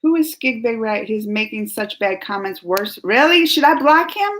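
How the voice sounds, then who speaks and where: A woman's voice: a little high, expressive, moderate pace, fairly bright tone, slight background noise. A woman hosting a casual live stream, chatting and giggling as she reads viewer comments aloud. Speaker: YouTube reaction host.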